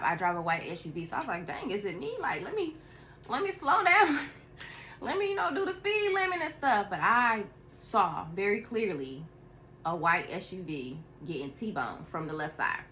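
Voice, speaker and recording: Bright-voiced chatty woman telling a story. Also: on the low side, a little hiss or hum. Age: adult with a school-age daughter. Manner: animated, chatty, laughs and sighs often. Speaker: tarot reader. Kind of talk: casual storytelling vlog.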